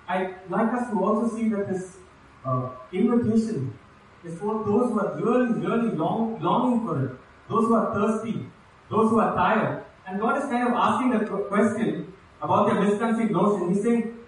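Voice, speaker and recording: A man's voice: high-pitched, moderate pace. A man preaching a sermon, reading scripture aloud and explaining it in an earnest voice that rises on repeated invitations. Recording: very echoey room, voice far from mic.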